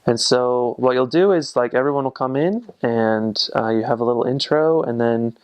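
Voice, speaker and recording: A man's voice: medium pitch, moderate pace, clear, resonant tone. Chatty young man searching for words. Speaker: returned missionary. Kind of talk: casual talk to camera.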